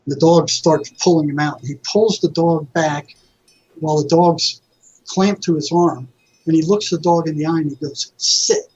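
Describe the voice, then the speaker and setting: A man, a mental health counselor, telling lively anecdotes as a guest in an interview and acting out what others said. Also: fairly high pitch, moderate pace, husky. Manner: animated anecdotes, acting out quoted people. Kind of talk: conversational storytelling. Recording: dull lo-fi audio.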